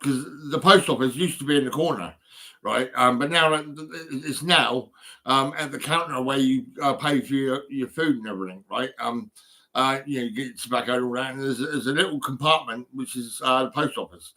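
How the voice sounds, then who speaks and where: Bright-voiced rambling man. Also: medium pitch, a little fast. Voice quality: rambling, many fillers and restarts, swears. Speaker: vlogger. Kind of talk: casual rambling monologue.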